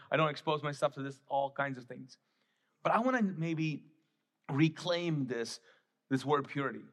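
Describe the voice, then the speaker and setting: A man's voice: a little high, a bit bright. A male pastor from the Middle East, preaching a sermon in a conversational, emphatic way.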